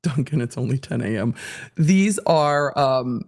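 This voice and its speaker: A woman's voice: extremely low pitch, expressive, measured pace, darkish tone. A woman hosting a live stream, reading out social media replies with laughing, incredulous reactions. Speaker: host.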